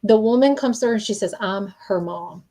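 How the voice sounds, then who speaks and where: A woman giving a live-stream spirit reading as a medium. She talks earnestly, in a mid-range voice, and keeps pausing for "okay?" and "um" as she relays messages. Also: medium pitch, mellow. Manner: earnest, repeats "okay?" to check in, frequent ums.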